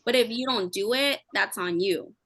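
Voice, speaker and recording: Bright-voiced woman, chatty and candid. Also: mid-range voice, gravelly, no echo. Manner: emotional, candid, fast and chatty. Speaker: team member sharing advice. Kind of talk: candid motivational chat.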